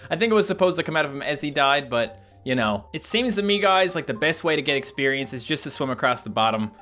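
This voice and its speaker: A young man casually commenting on a game he plays, chatty and animated, yelping and laughing when surprised. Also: on the high side, a little fast, soft background music. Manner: animated, yelps and laughs at sudden attacks. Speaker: gaming YouTuber. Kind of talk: casual let's-play commentary.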